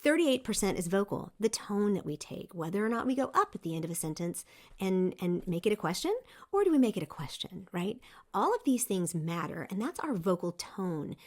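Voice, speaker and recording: A middle-aged woman hosting a leadership podcast, giving an emphatic, lively motivational talk with frequent restarts. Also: medium pitch, normal speed. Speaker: podcast host. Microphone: seen on video, single speaker.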